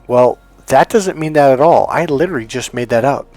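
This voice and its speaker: A man's voice: medium pitch, brisk, hardly any pauses, a little mellow, soft background music. A man giving relationship coaching advice in a blunt, emphatic monologue, acting out the voices he quotes.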